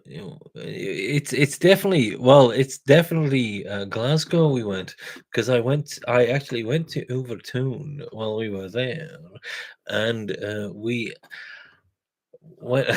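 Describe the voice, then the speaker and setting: With a medium-pitched, creaky voice, this craft beer channel host rambles through a casual chat with his viewers, chuckling and fixing his own slips as he talks.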